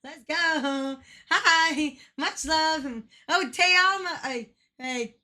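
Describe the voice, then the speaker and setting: A woman's voice: high-pitched, very slow, sharp tone. A woman livestreaming in a casual, playful way, giggling and swearing now and then as she chats.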